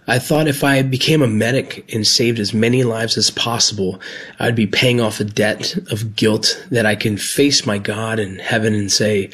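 A middle-aged man speaks with a husky, slightly rough voice at an ordinary pitch. He tells a personal story earnestly and from the heart, circling back and restarting phrases as he searches for words. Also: a little fast, fairly bright tone. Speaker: former Border Patrol agent and medic.

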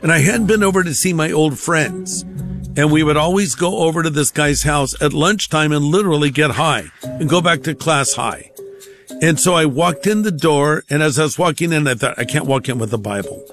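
A man's voice: a little high, moderate pace, a bit bright, soft background music. A man giving a conversational personal testimony, acting out the voices of the people in his stories.

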